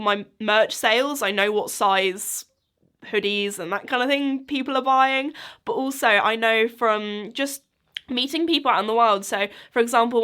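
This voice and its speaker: A young woman in her twenties hosts her own podcast, talking in a loose, rambling way and filling gaps with likes and ums. Her voice sits a little high and sounds bright and forward. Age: 20s. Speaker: podcast host. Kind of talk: casual solo chat.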